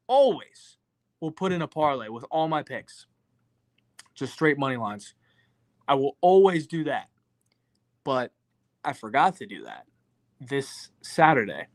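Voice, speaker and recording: A man's voice: mid-range voice, fairly bright tone, no room sound. A young man hosting a show, answering chat questions in a slangy, profane, laid-back way. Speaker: podcast host reading live chat. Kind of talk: casual chat.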